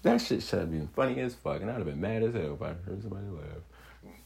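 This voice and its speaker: A man's voice: low voice, quick pace, vocal fry, husky. A man hosting his own show, ranting casually and swearing freely. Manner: swearing freely, animated, jumps into mocking quoted voices. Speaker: podcast host. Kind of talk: casual solo rant.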